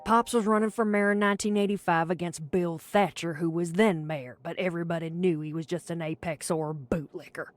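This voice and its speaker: A woman's voice: fairly low pitch, fairly even intonation, brisk, hardly any pauses, faint music behind, lightly acted. A woman voicing a bitter, swearing small-town woman. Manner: blunt and scornful, swears freely. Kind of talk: game character dialogue.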